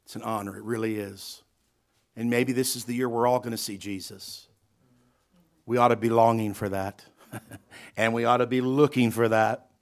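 Emphatic pastor preaching a sermon. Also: male voice, medium pitch, steady tone, moderate pace, pauses often. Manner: emphatic, swings between loud and soft; folksy, asks the congregation questions. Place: church sanctuary.

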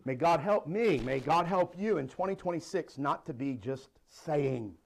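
A middle-aged male pastor preaching a sermon, animated and laughing now and then as he reads and explains scripture. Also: fairly high pitch, moderate pace, creaky.

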